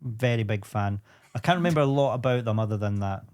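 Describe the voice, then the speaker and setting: A man guesting on a comedy podcast, rambling through jokes in a deadpan way. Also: medium pitch, fast talker. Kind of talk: casual comedy chat.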